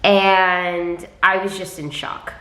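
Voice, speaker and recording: A woman's voice: fairly low pitch, flat delivery, slow, pushed and bright. A young woman vlogger telling a personal story to camera in a candid, chatty way, with lots of filler words. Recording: echoey room.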